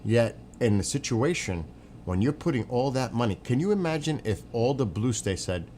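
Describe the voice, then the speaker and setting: A man's voice: mid-range voice, lively intonation, normal speed, a little mellow, a little hiss or hum. A man streaming, giving opinionated, rambling casual commentary and answering chat, swearing now and then. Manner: answers chat viewers by name.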